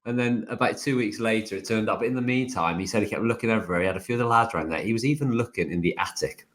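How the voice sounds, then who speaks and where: A man's voice: on the low side, very fast, fairly bright tone. A middle-aged man, a former footballer, telling a rambling story in casual chat with ums and laughs. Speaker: podcast co-host, ex-footballer.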